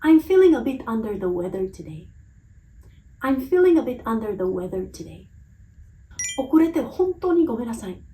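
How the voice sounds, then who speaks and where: A woman English teacher reading a phrase lesson, saying each phrase in Japanese and then twice in English, slowly and with careful, clear pronunciation. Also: fairly high pitch, warm tone, slight background noise, poor audio.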